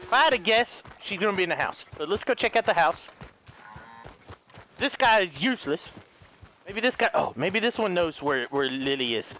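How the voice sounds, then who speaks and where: A young man giving goofy, excitable let's play commentary, swearing freely. His voice is high and bright and jumps all over in pitch. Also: moderate pace, slight background noise. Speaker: gaming YouTuber.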